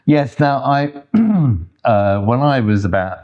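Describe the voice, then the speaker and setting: A man's voice: medium pitch, lively intonation, slow, muffled recording. An older man, co-host of a home channel, chatting in a rambling, self-deprecating way. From England. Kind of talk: casual chat.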